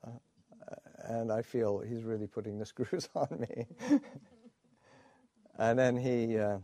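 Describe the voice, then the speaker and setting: A man, a Buddhist monk, telling a story in a dharma talk, halting with many pauses and fillers and chuckling along the way. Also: medium pitch, mellow.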